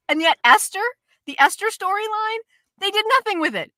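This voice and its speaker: A woman's voice: very high voice, fairly quick, dry recording, studio quality. A woman co-hosting a casual chat show, ranting animatedly about a drama and acting out its scenes. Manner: animated, ranty, swears, acts out scenes. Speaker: co-host.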